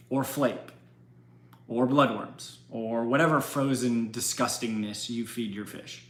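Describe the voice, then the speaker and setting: A man's voice: medium pitch, fairly even intonation, slow, a bit bright, reverberant. A man hosting an aquarium channel in casual livestream chat, emphatic and chatty with frequent restarts.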